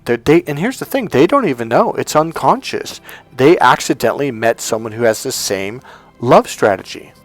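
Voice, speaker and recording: A man's voice: medium pitch, moderate pace, faint music behind. A man working as a dating coach, telling personal stories in a casual monologue and acting out the people he quotes. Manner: animated storyteller, acts out quotes.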